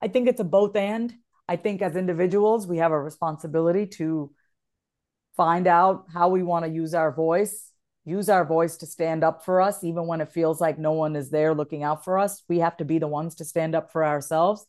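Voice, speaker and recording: A woman with a somewhat low voice talks in an interview with lively, expressive delivery. She is a voiceover artist and plays with her tone, demonstrating different ways of phrasing things. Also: moderate pace. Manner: animated, acts out example phrasings.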